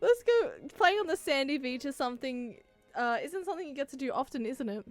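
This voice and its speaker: A woman voicing an excitable, eager teenage girl in a visual novel read-along. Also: high voice, fairly quick, dry recording, faint music behind, voice pushed up. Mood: excited.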